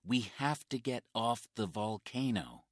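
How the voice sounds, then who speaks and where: Man voicing a calm young hero in a storybook, firm and reassuring, slow and deliberate delivery. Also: medium pitch, dry recording, studio quality, voice pushed up. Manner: urgent, reassuring. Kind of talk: storybook reading.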